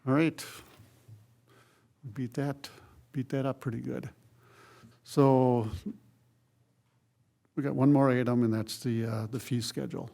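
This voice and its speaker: A man's voice: mid-range voice, steady tone, a little slow, gravelly, long pauses, mellow. A man leading a city council workshop discussion, talking loosely and conversationally with many fillers. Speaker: city council presiding member.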